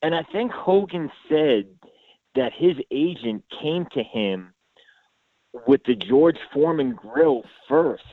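A man's voice: a little high, lively intonation, slow pace, no echo, narrow, tinny audio. A man guest on a podcast, chatting enthusiastically with lots of fillers. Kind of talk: casual chat.

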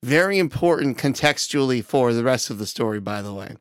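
Smooth-voiced man telling a story. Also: mid-range voice, animated, brisk, no echo, studio quality. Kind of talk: casual comedic banter.

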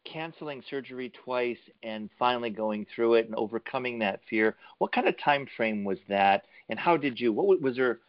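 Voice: medium pitch, expressive, normal speed, hardly any pauses, no room sound, dull audio. A podcast host who asks rambling, multi-part questions and gives short affirmations. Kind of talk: interview questions.

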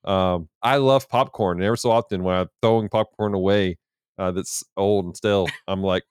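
Low-voiced man telling animated stories. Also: brisk, clean tone, no room sound, studio quality. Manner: animated storyteller, laughs often. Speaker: podcast co-host. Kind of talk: casual chat.

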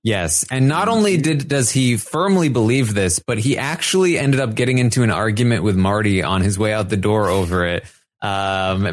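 A man co-hosting a podcast in casual chat, relaxed and hesitant, with many fillers. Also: on the low side, normal speed, no room sound. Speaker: podcast co-host.

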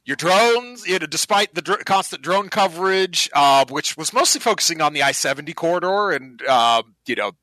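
Male game master, bright tense voice, dry close sound, rambling, casual. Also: a little high, lively intonation, moderate pace, few pauses, no room sound. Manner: rambling, casual, laughs a lot, swears. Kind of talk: narrating a tabletop game.

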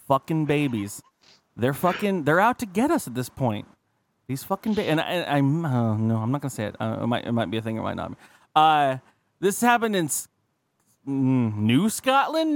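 A man co-hosting a podcast, telling rambling profane stories in casual chat and acting out the people he quotes. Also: fairly high pitch. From California. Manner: rambling, swears a lot, acts out quoted people. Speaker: podcast co-host.

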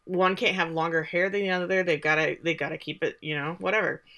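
A young adult woman co-hosting a podcast, recapping a show in a casual, sarcastic chat full of quick asides. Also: lowish voice, fairly even intonation, pushed and bright.

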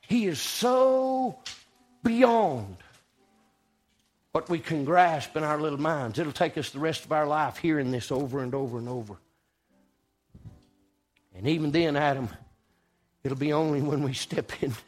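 Male preacher, folksy sermon storytelling, slightly high voice. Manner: folksy storytelling, swings between loud and hushed.

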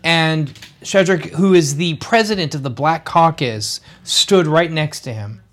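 A man from Louisiana, a radio show host in casual political chat, animated and often restarting his sentences. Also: fairly high pitch, measured pace.

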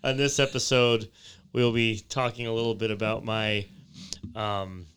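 A man's voice: lowish voice, flat delivery, unhurried, fairly bright tone, smooth. A man hosting a podcast, telling travel stories in casual chat with frequent laughs. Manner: laughing, rambling storyteller. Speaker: podcast host.

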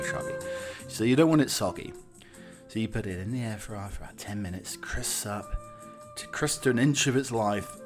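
A man with a British accent rambling theatrically in a comic chat, a little out of breath. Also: fairly low pitch. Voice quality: theatrical, jokey, rambling with restarts. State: slightly out of breath. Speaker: comic vlogger playing a butler persona. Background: background music.

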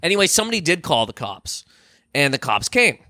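A male comedian, a guest on a podcast, telling animated stories full of swearing and acted-out quotes. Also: a little high, fairly quick, no echo, clean studio sound. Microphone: podcast microphone.

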